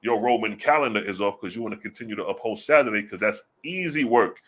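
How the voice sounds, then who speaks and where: A man giving casual religious commentary, blunt and profane, firing off rhetorical questions and slowing down to read scripture aloud. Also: fairly low pitch, animated, a bit bright. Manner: reads scripture slowly and deliberately.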